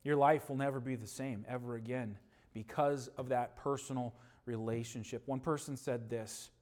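A man preaching a sermon, moving between loud emphatic passages and quiet, low stretches, with homely stories about his dog and family. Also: fairly even intonation, normal speed.

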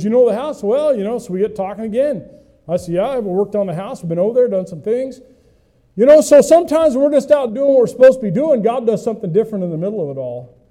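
Folksy pastor, high and very dark voice. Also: male voice. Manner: folksy, asks the listeners questions, self-mocking humor. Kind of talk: conversational sermon with stories.

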